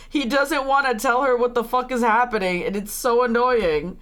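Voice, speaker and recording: A woman's voice: on the high side, normal speed, hardly any pauses, fairly bright tone. A woman game streamer talks casually over her playthrough, ranting and laughing at the characters. She swears often and sounds openly exasperated with the story. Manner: frequent swearing. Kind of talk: casual live-stream commentary.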